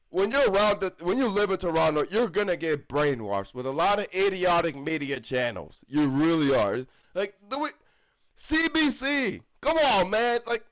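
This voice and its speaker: A man from the United States rants heatedly about hockey with constant swearing. His voice sits high for a man and swings widely up and down as he hammers his points home again and again. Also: fairly bright tone, rough recording. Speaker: hockey fan vlogger. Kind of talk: profane ranting commentary.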